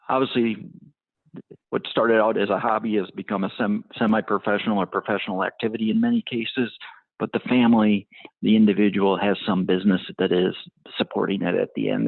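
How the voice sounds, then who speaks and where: A man's voice: on the low side, vocal fry, dry recording. A man giving business interview answers in a hesitant way, with many ums and restarts. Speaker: tire brand motorsport marketing guest. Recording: tinny phone-like line, dry.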